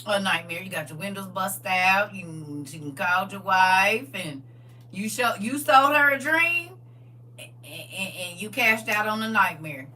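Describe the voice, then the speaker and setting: A woman hosting a casual livestream, reading viewer comments aloud and preaching in a lively way with frequent laughs. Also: mid-range voice, measured pace, distant mic. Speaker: livestream host.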